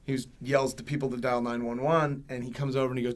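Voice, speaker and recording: A man hosting a podcast who tells a personal story in casual chat and gets loud when he acts out other people. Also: medium pitch, little pitch movement, quick pace, hardly any pauses. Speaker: podcast host.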